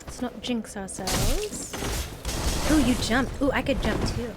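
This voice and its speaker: A woman's voice: a little high, measured pace, loud music behind the voice. A woman streaming a game live, chatting to her viewers, yelping and swearing at the game as it goes wrong. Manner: excitable, yelps and swears at the game, chats to viewers. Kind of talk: casual live gameplay commentary.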